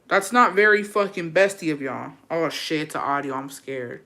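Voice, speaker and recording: Bright-voiced young woman telling a story. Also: low voice, lively intonation, normal speed, few pauses. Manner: profane, chatty, dramatic asides to viewers. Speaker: vlogger telling a personal story. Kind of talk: casual storytelling.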